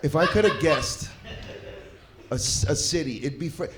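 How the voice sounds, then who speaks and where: A man doing profane, animated stand-up crowd work on a club stage. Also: a little high, normal speed, heavy background noise. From New York. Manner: brash, profane, animated banter with audience. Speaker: stand-up comedian.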